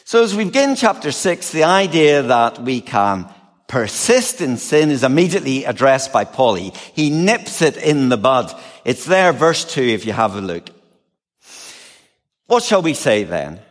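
A man preaching a sermon, measured and expressive, with a touch of dry humor. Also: medium pitch, in a large hall.

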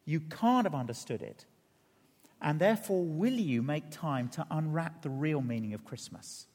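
A middle-aged man preaching a sermon, earnest and building to emphatic peaks before dropping quiet. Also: on the high side, expressive, normal speed, big-room sound. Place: large church hall.

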